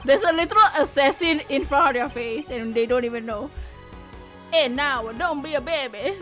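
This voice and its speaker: A woman's voice: sits high, moderate pace, music in the background. A woman streaming a game, giving playful, giggly, exclamatory commentary.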